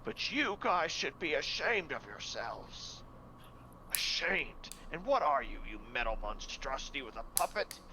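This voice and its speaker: A man voicing a stern older male priest who speaks slowly and gravely. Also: mid-range voice, big pitch swings, bright, forceful tone, a little hiss or hum, low-quality recording. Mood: scolding. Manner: slow, measured, scolding.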